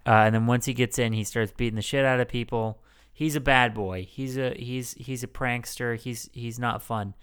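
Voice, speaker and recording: Guy rambling thru a movie recap on a podcast, lots of ums, swears a lot, smooth clear voice. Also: mid-range voice, fairly even intonation, normal speed, a bit bright. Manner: rambling, crude, many fillers and restarts. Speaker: podcast co-host. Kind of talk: casual chat.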